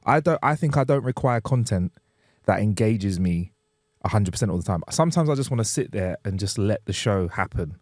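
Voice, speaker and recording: A man co-hosting a podcast in casual chat, animated and jokey, laughing often and using slang. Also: on the low side, a little fast, no echo, clean studio sound. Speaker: podcast co-host.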